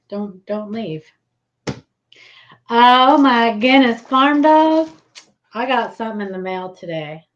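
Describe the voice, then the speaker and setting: A woman hosting a casual live stream, giggly and excitable, greeting viewers by name. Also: mid-range voice, highs cut off.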